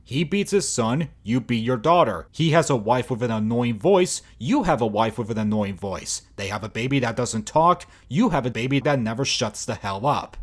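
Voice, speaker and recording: A man's voice: mid-range voice, expressive, moderate pace, few pauses. A man reviewing video clips in mocking, exasperated commentary, swearing often. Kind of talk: sarcastic commentary over clips.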